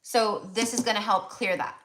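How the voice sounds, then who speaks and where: A woman's voice: medium pitch, fairly even intonation, moderate pace, a bit bright, a little hiss or hum. An American woman giving a casual tarot reading, chatty and full of fillers and restarts. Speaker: tarot reader.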